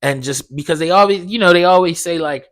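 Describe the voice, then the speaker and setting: A young man hosting a solo podcast, telling a story in a profane, animated way full of slang. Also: fairly high pitch, a little fast. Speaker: podcast host. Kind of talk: casual solo podcast monologue.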